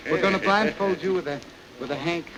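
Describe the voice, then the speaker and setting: A man playing a fussy, flustered comic officer in a 1929 film sketch, talking melodramatically and swinging from loud to hushed. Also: sits high, fairly quick, a crowd in the background, close to an everyday voice. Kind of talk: 1920s film comedy acting. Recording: crackly 1929 film soundtrack hiss.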